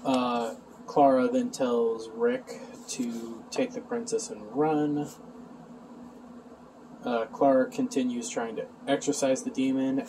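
Male reviewer, offhand sarcastic recap, mid pitch, loose and chatty. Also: dark tone, a little hiss or hum, poor audio. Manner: sarcastic, offhand, many "uh" fillers. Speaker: show reviewer.

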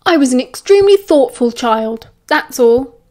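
A woman reads a jokey but strained young father in a British accent, loud and blunt. It is part of an audiobook reading. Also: high-pitched, animated, normal speed.

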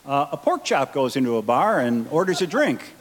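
A man performing comic banter and telling jokes in a live radio stage show, animated and quick to slip into comic voices. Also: mid-range voice, husky. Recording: live theater with long reverb.

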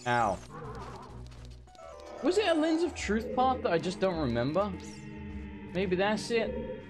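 A young gaming streamer plays a game blind on stream, with game music behind him. His voice sits on the high side, sing-song and a little fast, as he talks to himself, gets lost, grows frustrated and swears a lot.

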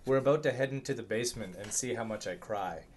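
A man's voice: lowish voice, quick pace, a little mellow, a little hiss or hum. A young man streaming a horror game, chatting nervously and jokingly with his viewers at a desk microphone in a home room. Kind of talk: live gameplay commentary.

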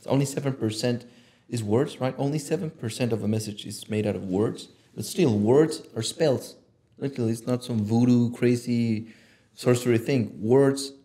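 Passionate, cursing male podcast guest. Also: medium pitch. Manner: passionate, swears freely, animated when quoting himself. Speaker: podcast guest, image consultant. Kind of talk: casual conversation.

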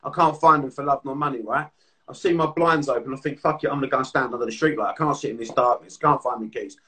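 Fast-talking man set back from the mic. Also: mid-range voice, far from the mic. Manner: rapid storytelling, swearing, animated. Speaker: podcast host and therapist. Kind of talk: casual podcast chat.

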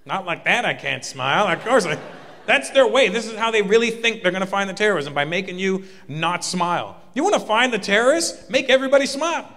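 Bright, punchy male stand-up comic. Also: high-pitched, a little fast. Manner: animated and punchy, often building to a shout. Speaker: stand-up comedian. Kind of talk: stand-up comedy. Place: large live venue. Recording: live in a reverberant hall.

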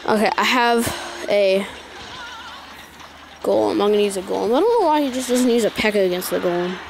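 A woman's voice: mid-range voice, lively intonation, brisk, gravelly, over music. A woman giving casual gameplay commentary, exasperated and repeating her complaints aloud.

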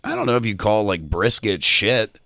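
A man's voice: on the low side, moderate pace, sharp tone, no room sound, studio quality. A man from Maryland co-hosting a comedy podcast, teasing and laughing through the banter. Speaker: podcast co-host. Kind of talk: casual comedy chat.

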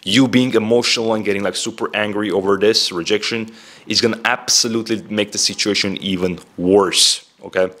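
A young man with a lowish voice talks straight to the camera in a relaxed advice vlog. He is direct and chatty and keeps dropping "like" and "bro" between points. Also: brisk. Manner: direct, heavy use of "like" and "bro". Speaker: self-improvement vlogger.

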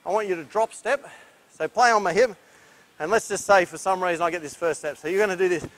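Energetic, breathless male basketball coach. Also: sits high, fast talker, slight background noise. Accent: Australian. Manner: energetic, instructive, breathless from drills. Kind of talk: coaching clinic demonstration. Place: indoor basketball court.

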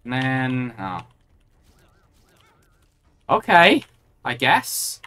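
A woman's voice: rumbling low, very animated, extremely slow, fairly bright tone. A woman streaming a video game, reacting aloud and chatting with her viewers as she plays. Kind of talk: live gameplay commentary.

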